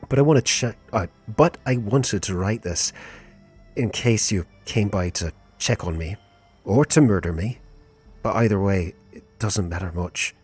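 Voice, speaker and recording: A man in a put-on Scottish accent playing a paralyzed, guilt-stricken man reading his final letter aloud, slow and sorrowful. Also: lowish voice, husky, soft background music. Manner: slow, sorrowful, fading to quiet.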